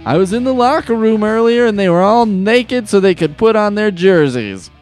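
A man voicing a squeaky, eager male sports co-announcer, gushing and shrill. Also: expressive, normal speed, darkish tone, soft background music.

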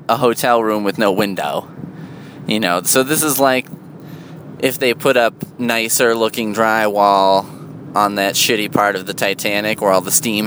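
A man in a casual, rambling monologue, sardonic and full of swearing, jumping into a high, loud voice for emphasis. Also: slight background noise.

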